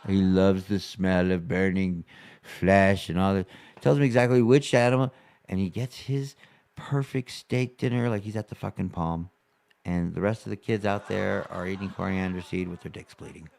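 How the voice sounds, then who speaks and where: Profane ranting comic man, low voice. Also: steady tone, moderate pace, gravelly. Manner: profane, ranting, mocking, swings loud and quiet. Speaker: stand-up comedian. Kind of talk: rambling stand-up rant.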